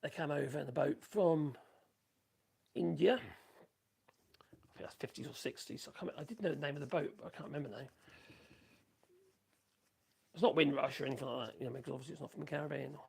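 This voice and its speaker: A man's voice: a little high, fairly even intonation, fast talker, vocal fry, long pauses, husky. A man rambling casually to viewers, muttering asides to himself as he works in his workshop. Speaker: woodworking livestream host. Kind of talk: casual chat while working.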